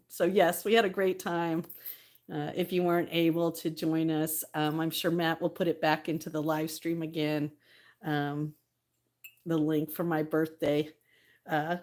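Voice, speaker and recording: A woman's voice: sits low, steady tone, moderate pace, darkish tone. Chatty, laughing woman live-streaming. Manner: chatty, laughs often, reads viewer comments aloud. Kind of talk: casual live-stream chat.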